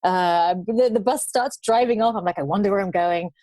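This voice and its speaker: A woman guest on an interview show, telling travel stories in a lively way and acting out the people she met. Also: mid-range voice, normal speed, no room sound. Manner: animated storyteller, acts out quoted voices. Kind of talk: storytelling interview.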